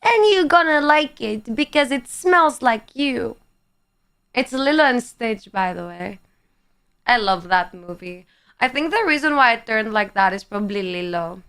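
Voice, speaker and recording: A woman in her twenties chats on a livestream, teasing her viewers and answering their comments. Her voice sits a little high and sounds bright and crisp. She takes her time with each phrase. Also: animated, a little slow. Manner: playful, teasing, swears casually. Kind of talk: casual chat reading viewer comments.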